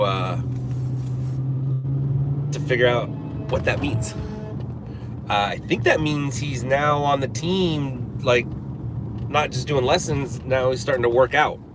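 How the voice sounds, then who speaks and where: A man in his forties hosting a live stream from a car, chatting casually and rambling, with many fillers and restarts. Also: mid-range voice. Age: 40s. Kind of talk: casual chat. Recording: traffic noise behind.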